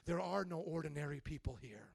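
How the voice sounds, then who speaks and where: A young man preaching a dramatic sermon who swings from hushed tones to loud outbursts and acts out biblical figures in a chatty voice. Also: fairly high pitch, lively intonation, brisk, gravelly, breathy edge, no room sound. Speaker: pastor.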